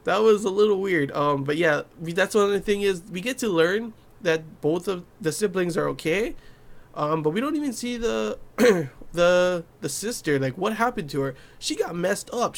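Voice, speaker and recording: A young man hosting a casual anime review, talking loosely with lots of fillers and acting out scenes. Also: a little high. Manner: chatty, loose, filler-heavy, acts out scenes in quoted voices. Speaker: anime reviewer, channel host.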